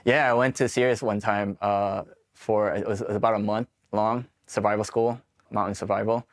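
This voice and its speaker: In a casual storytelling interview, a Marine veteran guest in his forties from Queens, New York, swears his way candidly through his own military stories and performs the dialogue he quotes. He has a lowish voice with fairly even intonation and a normal pace.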